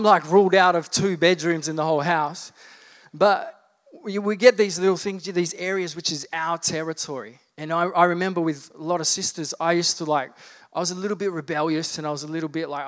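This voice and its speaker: A man's voice: a little high, fairly bright tone. A man in his thirties preaching a sermon, telling humorous childhood stories in a loose, conversational way before building to fervent preaching. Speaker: pastor.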